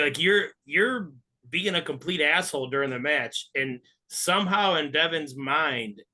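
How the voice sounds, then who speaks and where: Heated, bright-voiced podcast man. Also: fairly high pitch. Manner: blunt, heated, profane. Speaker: podcast co-host. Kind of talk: casual podcast chat.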